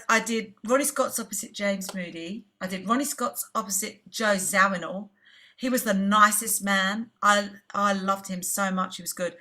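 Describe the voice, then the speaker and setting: A bright, ringing voice from a middle-aged English-born woman. She tells her stories with animation, jumping into the voices of the people she quotes. It sounds like a relaxed interview. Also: mid-range voice. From England. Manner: animated storyteller who acts out quoted voices. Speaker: jazz singer, guest. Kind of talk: casual storytelling interview.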